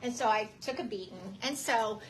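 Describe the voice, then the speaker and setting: A middle-aged woman telling her personal testimony to a church audience, animated and slangy, often laughing as she tells the story. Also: a little high, moderate pace, a little hiss or hum. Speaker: guest speaker giving testimony.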